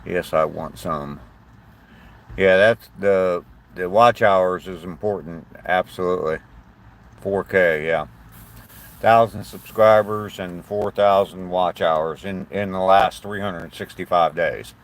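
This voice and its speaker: An older man from southern Ohio, with a low voice and a slight southern twang, speaks slowly while hosting a live stream. He chats casually and rambles, staying friendly to the chat and greeting viewers by name.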